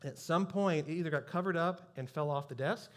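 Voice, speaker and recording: A man's voice: a little high, fairly quick. A man preaching a sermon as pastor, telling a personal story in a conversational, self-deprecating way.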